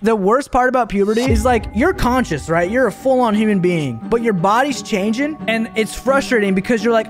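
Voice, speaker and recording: A man doing a casual live-stream reaction, chatty and animated, now and then bursting into loud joking shouts. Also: sits high, fairly quick, hardly any pauses, soft background music.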